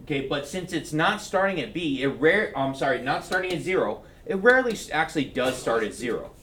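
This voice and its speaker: A man's voice: fairly high pitch, very animated, fairly quick, fairly bright tone, recorded from a distance, slight background noise. A male math teacher giving a classroom lecture, checking in with his students and joking between steps. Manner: keeps checking in with "right?", joking asides.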